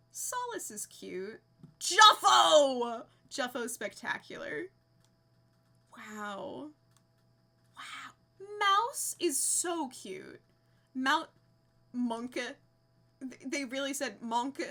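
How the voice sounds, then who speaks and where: A woman's voice: fairly high pitch, sharp tone. A young woman live streaming a game, chatting casually and giggling as she reads out names with delight.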